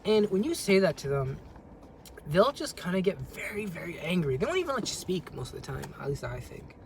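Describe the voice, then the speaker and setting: A man's voice: high voice, very animated, a little fast, creaky, a little hiss or hum. A man talking casually to camera in a rambling way, often repeating words and restarting his sentences. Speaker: vlogger. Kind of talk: casual monologue.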